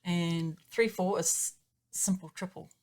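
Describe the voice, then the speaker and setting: A woman teaching piano in a patient, chatty way, her voice pitched a little low. She explains rhythm step by step and counts the beats aloud in an even pulse. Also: slow. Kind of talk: explaining music theory in a lesson.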